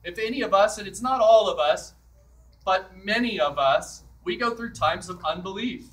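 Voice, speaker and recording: A man's voice: high-pitched, moderate pace, fairly bright tone, far from the mic, rough recording. A man preaching a sermon as a priest in a church, in a conversational way that acts out the scripture quotes.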